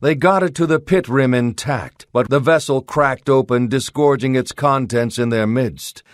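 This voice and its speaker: A male audiobook narrator reading a pulp adventure in a steady, dramatic way. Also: medium pitch, moderate pace, dry recording, clean studio sound.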